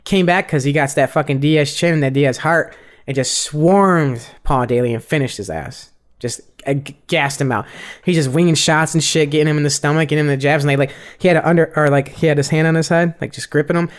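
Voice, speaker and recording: A man's voice: on the high side, brisk. Rambling, profane young man. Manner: rambling, profane fight breakdown with many fillers. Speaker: podcast co-host. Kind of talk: casual chat.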